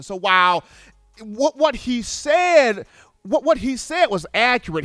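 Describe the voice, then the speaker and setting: A man hosting a sports show, giving opinionated commentary in an emphatic, animated way, now and then acting out other people's voices. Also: high voice, no room sound, clean studio sound. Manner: animated, emphatic, acts out voices of fans and relatives.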